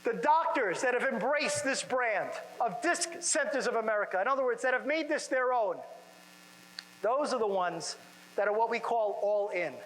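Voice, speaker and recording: A man speaking to chiropractors at a seminar in a conference room, energetic and full of rhetorical questions to the audience. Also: extremely high pitch, moderate pace, long reverb tail, a little hiss or hum, rough recording. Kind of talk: motivational seminar talk.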